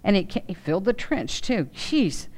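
A woman teaching a Bible lesson, reading scripture aloud and explaining it in a lively, expressive way. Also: mid-range voice, normal speed. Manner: expressive, acts out quoted voices.

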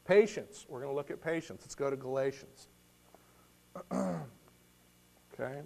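A middle-aged man preaching a conversational sermon, telling a personal story in a folksy way, often restarting and clearing his throat. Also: medium pitch, measured pace, mellow. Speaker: lay preacher.

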